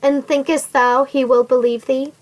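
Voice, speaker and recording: A woman reading the part of a steadfast young woman who answers her captor calmly and resolutely. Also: sits high, normal speed, lightly acted, low-quality recording. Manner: calm, resolute, dignified.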